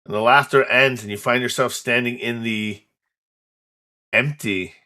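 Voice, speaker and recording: A man running a tabletop horror game, describing each moment at an unhurried, measured pace. His voice has a bright, forward edge. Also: mid-range voice, steady tone. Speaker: game master.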